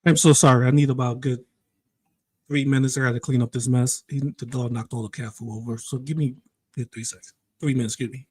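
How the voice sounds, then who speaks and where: A man's voice: medium pitch, fairly even intonation, quick pace, darkish tone, husky. A man giving casual drama commentary, chatting straight to his viewers and reading documents aloud. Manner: chatty, addresses viewers directly; laid-back, reads documents aloud.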